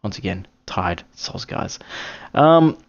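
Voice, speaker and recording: A man's voice: sits low, sing-song, slow pace, muffled recording. A man talking on his own in a casual, rambling way, often correcting himself and apologizing. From Australia. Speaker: podcast host giving fight picks. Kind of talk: casual solo commentary.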